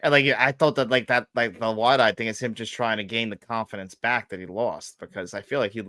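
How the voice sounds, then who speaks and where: Bright-voiced man, chatty podcast co-host. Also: lowish voice, steady tone, a little fast, no room sound, clean studio sound. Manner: filler-heavy, laughing, enthusiastic. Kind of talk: casual movie review chat.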